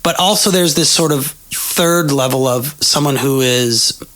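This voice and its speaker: Man, bright clear voice, animated, quick asides, interview guest. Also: on the high side. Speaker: puppeteer and director, guest. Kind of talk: casual interview chat.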